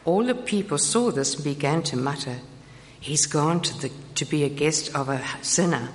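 Low-voiced woman reading scripture in a hall. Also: a little hiss or hum. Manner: slow, careful reading aloud. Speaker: scripture reader. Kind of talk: church Bible reading.

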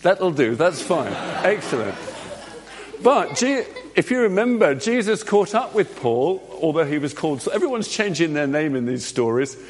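A man's voice: on the high side, very animated, normal speed. A man leading an all-age church talk, acting out a Bible story with volunteers in a jokey, directing manner. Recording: long hall reverb.

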